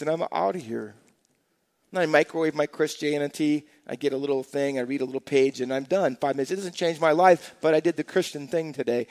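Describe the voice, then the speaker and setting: Emphatic male pastor, slightly high pitch, preaching in a reverberant sanctuary. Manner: animated, emphatic, rhetorical questions, acts out quotes. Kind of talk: sermon.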